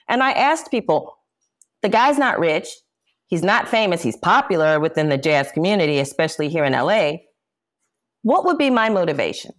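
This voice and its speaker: A woman's voice: lowish voice, lively intonation, normal speed. A woman, an interview guest, telling a painful personal story with intensity and indignation. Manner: intense, indignant, quotes herself forcefully. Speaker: interview guest, jazz singer. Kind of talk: emotional personal account.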